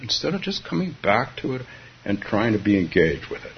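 A man's voice: fairly low pitch, very animated, normal speed, slightly rough. A man from California giving a Zen dharma talk, musing aloud with frequent chuckles and restarts. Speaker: Zen teacher. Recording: dull lo-fi recording.

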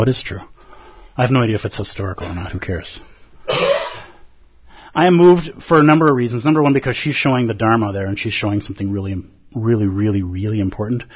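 A man's voice: lowish voice, breathy edge. A man teaching as a Buddhist teacher in a conversational dharma talk, often asking his listeners rhetorical questions. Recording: dull lo-fi recording.

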